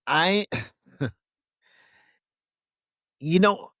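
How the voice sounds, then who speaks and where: A man's voice: fairly high pitch, animated, extremely slow, pushed and bright, no room sound, studio quality. A man speaking as an interview guest, talking candidly and reflectively with many "you know what I mean" fillers.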